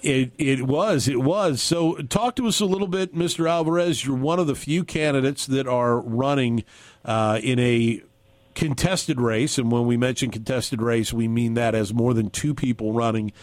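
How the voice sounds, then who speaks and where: Dry-voiced radio talk host. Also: male voice, medium pitch, normal speed, no echo. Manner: conversational, occasional fillers. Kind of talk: radio talk show hosting.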